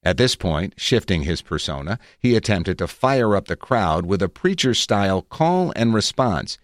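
A man narrating his own article in a reflective, measured way with wry asides, recorded on a close studio mic. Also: fairly low pitch, very animated, no room sound. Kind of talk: scripted narration.

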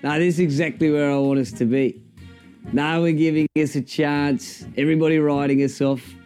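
Brash coach for a comedy sketch, defensive and smug; an impressionist doing the voice. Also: male voice, fairly high pitch, steady tone, moderate pace, a little mellow, soft background music, lightly acted. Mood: defiant. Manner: defensive and cocky, tacks "mate" onto everything. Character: brash, touchy older male rugby coach.

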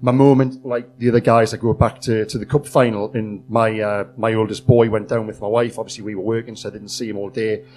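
A man on a live podcast panel, talking in a relaxed, chatty way and laughing easily. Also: lowish voice, fairly quick, few pauses, slight background noise. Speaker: football journalist on a podcast panel. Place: comedy club stage before a live audience.

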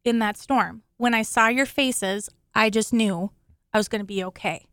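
A woman's voice: mid-range voice, normal speed, fairly bright tone, no room sound. A woman hosting a studio talk show, chatting emotionally and laughing often as she thanks her rescuers. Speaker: show host, accident survivor. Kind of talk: grateful casual studio talk.

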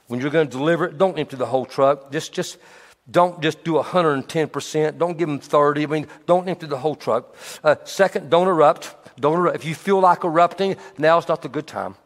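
A man preaching a sermon in an animated way, swinging from hushed tones to emphatic repetition. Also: fairly high pitch, fairly quick. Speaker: pastor. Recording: long hall reverb.

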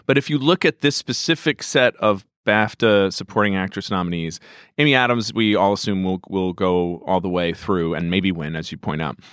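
A man's voice: deep voice, moderate pace, fairly bright tone, no room sound, studio quality. A man co-hosting a casual film-awards chat, thoughtful and wry, hedging with many asides. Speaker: podcast co-host.

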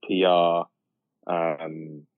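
Low-voiced man on a tinny line. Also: flat delivery, extremely slow, no room sound. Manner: rambling, many fillers and restarts, laughs often. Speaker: podcast co-host. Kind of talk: casual football chat.

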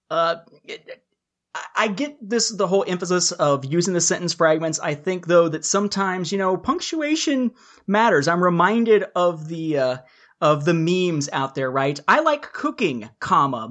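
A man's voice: high-pitched, a bit bright. A man hosting a casual podcast discussion, chatty and jokey, laying out his points in order. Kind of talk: casual book-review discussion.

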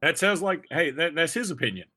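A man's voice: fairly high pitch, animated, brisk, bright, forceful tone, a little hiss or hum. A young man hosting a casual sports podcast, chatting in a rambling, jokey way full of fillers. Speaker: podcast host.

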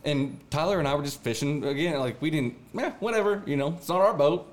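A young man telling a fishing story in casual chat, animated and slangy, acting out the voices of the people in it. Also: a little high, a little fast. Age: young adult.

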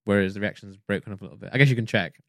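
A man's voice: lowish voice, gravelly, fairly bright tone, dry recording, studio quality. A man co-hosting a podcast in casual chat, rambling with lots of fillers and restarts. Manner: fast rambling talk with many likes and restarts. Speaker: podcast co-host.

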